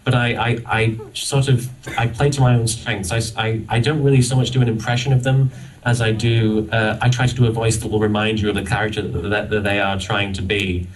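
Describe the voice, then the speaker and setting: A low-voiced man speaks as a guest on a convention panel, his delivery flat and halting with many restarts. The recording comes from a distant audience camera in the panel room.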